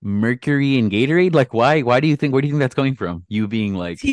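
A man's voice: medium pitch, lively intonation, quick pace, no room sound, clean studio sound. A man co-hosting a casual podcast, gossiping and swearing with lots of "like". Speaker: podcast co-host. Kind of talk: casual chat.

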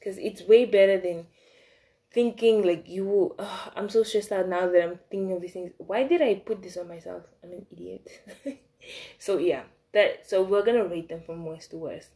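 A young woman telling a casual storytime about her crushes, animated, swinging between loud outbursts and soft asides. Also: medium pitch, normal speed. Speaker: vlogger.

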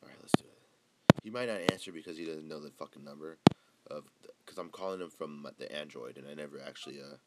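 A man's voice: rumbling low, quick pace, heavy background noise. A young adult man hosting a casual podcast, rambling loosely and swearing freely. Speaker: podcast host.

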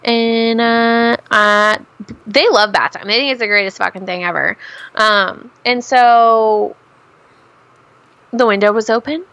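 High, gravelly young woman rambling. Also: takes it slowly, fairly bright tone, dry recording. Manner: rambling, profane storytelling with many restarts. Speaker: podcast co-host. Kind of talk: casual chat.

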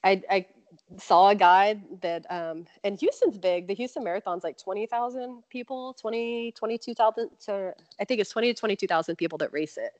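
A woman's voice: mid-range voice, a little fast, dry recording. A woman telling a personal story as an interview guest, laughing often and acting out what people said. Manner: animated, laughs often, acts out quotes. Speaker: marathon runner guest. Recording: dull lo-fi remote audio.

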